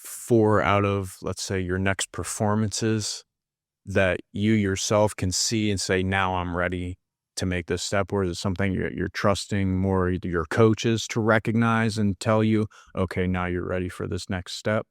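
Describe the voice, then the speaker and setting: A man's voice: low voice, fairly even intonation, a little slow, clean tone, no room sound, studio quality. A man who fights, talking through his thoughts in a casual podcast chat, often restarting his sentences. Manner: reflective, searching for words with many restarts.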